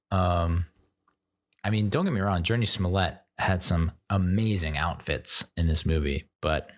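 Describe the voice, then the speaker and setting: A young man with a deep, low-pitched voice chats casually about films. He rambles, stops and restarts sentences, and leans on fillers as he talks. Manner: rambling, filler-heavy, self-interrupting. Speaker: podcast host reviewing movies.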